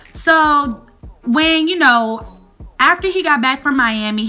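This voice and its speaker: Young woman vlogger, bright and sharp, chatty storyteller, faint music behind. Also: fairly high pitch. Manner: animated, addresses viewers as y'all. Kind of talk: storytime vlog.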